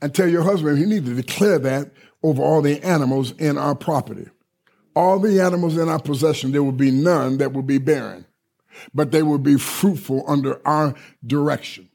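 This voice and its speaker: A man's voice: a little high, moderate pace, vocal fry, a little mellow. A middle-aged man preaching a sermon, emphatic and repetitive, who keeps asking listeners whether they heard him. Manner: emphatic and repetitive, often checking listeners are following.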